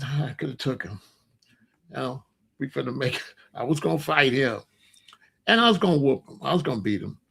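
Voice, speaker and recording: A man's voice: high voice, vocal fry, a bit bright. A middle-aged man hosting his own commentary channel, talking in a casual opinion monologue and telling stories with sound effects and mock voices.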